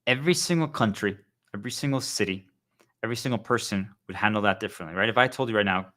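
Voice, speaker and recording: A man's voice: lowish voice, fast talker, pushed and bright. A man talking earnestly to his viewers in a rambling monologue, often calling them guys. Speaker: spiritual vlogger.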